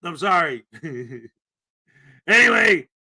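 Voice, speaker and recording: Man, livestream host, high voice, very bright tone, shouted greetings, from Canada. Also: big pitch swings, slow. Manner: upbeat, greeting chat names with shouted enthusiasm. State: throat a little rough. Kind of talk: casual livestream chat.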